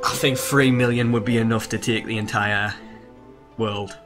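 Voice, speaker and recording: A man's voice: fairly low pitch, fairly even intonation, normal speed, a bit bright, faint music behind. A man giving casual strategy gameplay commentary as a video host, swearing freely and talking to his viewers.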